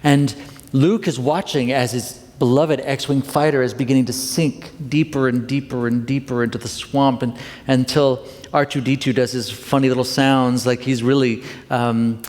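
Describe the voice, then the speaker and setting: A man's voice: medium pitch, steady tone, normal speed, a little mellow. A middle-aged male minister giving a conversational, confessional Sunday talk with playful asides to the congregation. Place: church sanctuary. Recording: long hall reverb.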